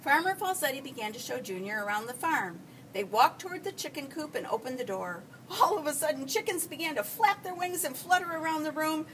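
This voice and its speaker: Expressive teacher reading a storybook aloud. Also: female voice, sits high, brisk, hardly any pauses. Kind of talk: reading a picture book aloud. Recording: distant mic, faint background hiss.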